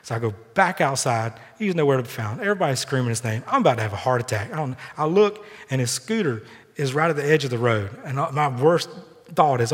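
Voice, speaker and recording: A man in a church sanctuary preaching a sermon as pastor, earnest, with lively personal storytelling. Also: medium pitch, quick pace. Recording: long reverb from a large hall.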